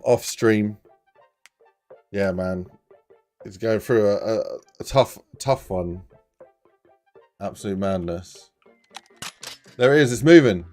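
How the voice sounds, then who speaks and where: A low-voiced man chats casually on a live stream while he builds a game level. He gets excited and laughs a lot, with the odd curse. Faint music plays behind him. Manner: excitable, swears, laughs often, bursts into shouts.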